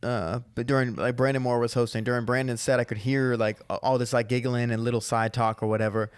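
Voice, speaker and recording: Male stand-up comic and podcast co-host, mid-pitch, dry close sound, animated profane storyteller. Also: fast, clean tone, dry recording. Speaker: stand-up comedian. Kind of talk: casual podcast chat.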